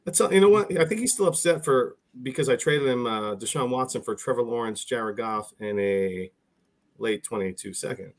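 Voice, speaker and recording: A man's voice: medium pitch, expressive, moderate pace. A man from New Jersey co-hosting a podcast, ribbing the others in casual, playful banter. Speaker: podcast co-host.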